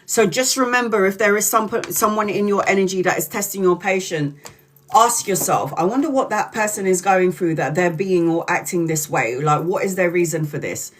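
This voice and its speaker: Woman doing a live tarot reading, swears a lot, stretches out words to hammer a point home. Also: fairly low pitch. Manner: blunt and profane, emphatic; drawls key words slowly for emphasis. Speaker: tarot reader.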